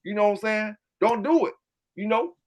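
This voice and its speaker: A man with a Southern US accent and a high-pitched voice rants at normal speed to his livestream chat on his own channel about his dog kennel. He's loud, fired up and swears plenty, repeating filler tags over and over as he answers the chat, with background noise behind him.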